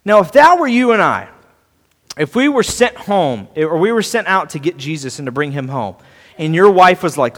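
A man preaching a sermon, earnest, restarting and repeating words and swinging between soft and loud. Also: sits high, sing-song, moderate pace, in a large hall. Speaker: pastor.

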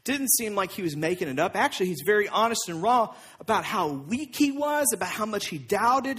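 A man's voice: very high-pitched, fairly bright tone, slightly rough. A man preaching a sermon in a conversational way, with asides and restarts. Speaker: pastor.

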